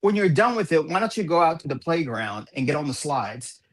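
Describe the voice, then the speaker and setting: Male streamer, high and animated, dry close mic, lectures his friends in jest. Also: brisk, no echo. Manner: mock-lecturing, scolding tone. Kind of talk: casual comedic banter on a live stream.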